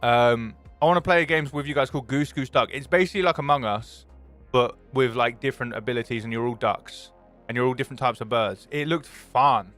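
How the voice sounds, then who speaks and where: Bright-voiced young streamer. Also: male voice, mid-range voice, fairly quick, faint music behind. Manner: excitable storytelling, greets chat by name. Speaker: live streamer. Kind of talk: casual chat with live viewers.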